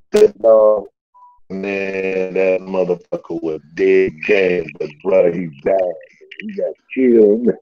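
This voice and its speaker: A man telling stories in casual slangy talk, animated and loose, often laughing. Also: creaky, muffled recording. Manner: animated, loose slangy storytelling with big pitch jumps and laughs. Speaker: guest storyteller. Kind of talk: casual storytelling.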